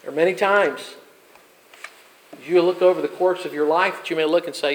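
A man preaching a sermon as pastor, building emphatic peaks and dropping to soft asides. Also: on the high side, fairly even intonation, moderate pace, long pauses, rough recording.

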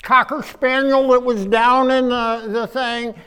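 High-voiced preacher telling funny stories. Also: male voice, unhurried, clear, resonant tone. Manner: animated, acts out voices, swings from quiet to loud. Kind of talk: humorous storytelling sermon. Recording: echoey hall.

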